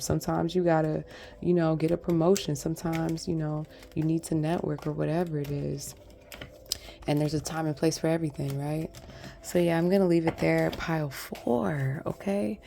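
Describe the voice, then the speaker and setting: A woman's voice: low-pitched, gravelly, mellow, slight background noise. A woman giving a casual pick-a-card tarot reading, talking in a rambling, chatty way straight to her viewers. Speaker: tarot reader.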